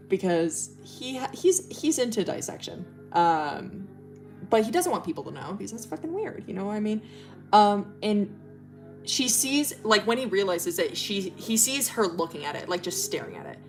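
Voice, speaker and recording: A woman's voice: mid-range voice, lively intonation, moderate pace, soft background music. A woman livestreaming as she draws, telling a story in a rambling, profane way full of fillers. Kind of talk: casual storytelling while drawing.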